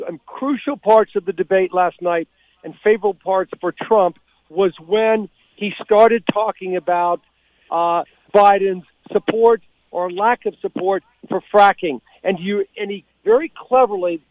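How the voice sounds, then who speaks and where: A man calling in as a political guest commentator, talking in a measured, deliberate way with many fillers. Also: high voice, steady tone, no room sound. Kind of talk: radio call-in commentary. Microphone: telephone. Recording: tinny phone line.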